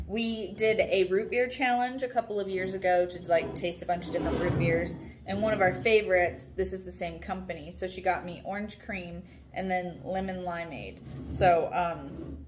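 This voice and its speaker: A woman's voice: on the low side, background noise. Chatty young woman telling a story. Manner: rambling, animated, laughing storyteller. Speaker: vlogger. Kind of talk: casual storytelling vlog. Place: at home, indoors.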